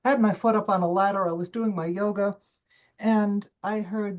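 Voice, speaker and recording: An older woman, a coach and former stage performer, telling her life story in an interview with emphatic, expressive delivery and quoted self-talk. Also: mid-range voice, normal speed, highs cut off. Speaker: summit guest speaker, coach.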